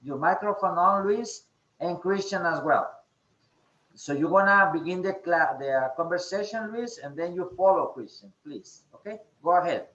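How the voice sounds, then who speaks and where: A man teaching an online English class, speaking slowly with many fillers and a repeated "okay?". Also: high voice, pushed and bright, reverberant, highs cut off. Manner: slow, repeats "okay?" often, hesitant fillers.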